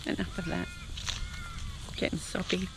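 A woman talks slowly to her camera outdoors in a rather low voice, chatty and quick to laugh at herself. She turns tearful and emotional in places. Steady noise runs behind her throughout. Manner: chatty, self-amused, emotional. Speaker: channel host. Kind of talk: spiritual vlog, talking to camera. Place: outdoors, driving around hills.

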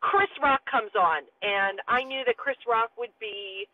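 A woman in her forties telling a story in lively casual talk, acting out the voices of the people in it, calling in from her parked car. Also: on the high side, unhurried. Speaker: guest. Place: car, pulled over. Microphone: phone call. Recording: tinny phone line.

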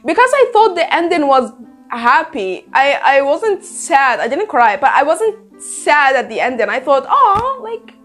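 A young woman reviewing books to camera in a casual, gushing, excitable way, swearing freely. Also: high-pitched, a little slow, faint music behind. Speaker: book reviewer.

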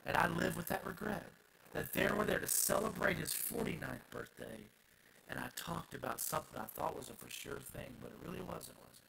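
Bright gravelly-voiced preacher man. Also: on the high side, fairly quick, slight background noise, low-quality recording. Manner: swings from hushed asides to loud shouted passages. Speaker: pastor. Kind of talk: sermon.

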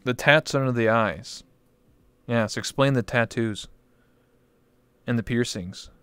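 A man's voice: mid-range voice, slow, a bit bright, smooth, no room sound. Crude joking male stream host. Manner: crude, joking, swears a lot. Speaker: talk show host. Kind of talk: casual live-stream interview chat. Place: virtual reality chat stream.

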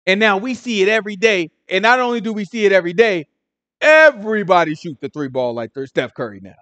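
A man with a fairly high voice leads a Bible study in relaxed, slangy conversation, animated and constantly firing quick questions at his listeners. The audio is close and dry, with no surrounding room sound and no echo.

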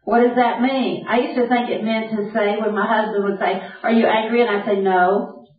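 A woman's voice: a little high, level tone, moderate pace, narrow, tinny audio. Distant echoey woman preaching. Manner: earnest, direct, quotes scripture. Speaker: Bible teacher. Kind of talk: sermon. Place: camp meeting hall.

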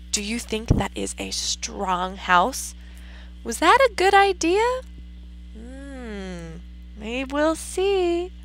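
A woman teacher reads a children's story aloud in a high, lively voice, slow and deliberate. She is expressive and stops often to ask the class questions. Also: rough recording.

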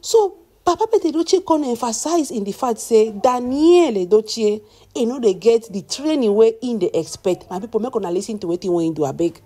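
A woman's voice: fairly high pitch, animated, a little fast, dark tone. A woman with a Nigerian accent, retelling celebrity gossip in chatty storytelling, often calling out to her listeners. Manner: chatty, addresses audience as "my people".

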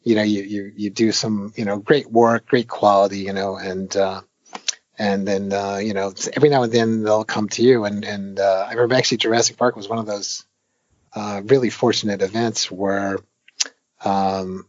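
An older man, a game designer, talking casually in an interview, rambling with lots of fillers and animated retellings. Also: on the low side, moderate pace, no room sound, dull audio. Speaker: veteran arcade game designer, guest.

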